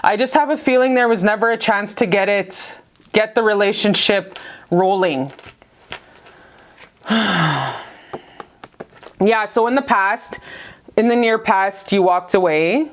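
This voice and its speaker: A woman's voice: medium pitch, slow, long pauses. A woman doing a casual tarot reading for her viewers, chatty and blunt, swearing freely and calling them "you guys". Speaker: tarot reader.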